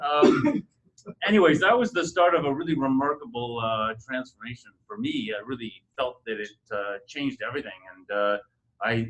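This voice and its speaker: A man's voice: medium pitch, highs cut off. A middle-aged man speaking on a conference panel, telling his story in a hesitant, conversational way with many fillers and restarts. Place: university conference room.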